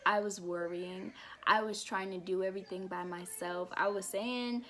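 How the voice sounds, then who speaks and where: A woman's voice: mid-range voice, moderate pace, bright, forceful tone. A young woman vlogging a heartfelt personal faith testimony, emotional and laughing now and then between thoughts.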